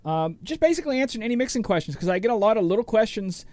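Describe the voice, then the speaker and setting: A talkative middle-aged man hosts a casual DJ livestream and greets chat viewers one by one. His voice sits a little high for a man. The sound is dry and close to the mic. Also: big pitch swings, racing, a little mellow, dry recording. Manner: rambling, chatty, greets viewers by name. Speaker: DJ and show host.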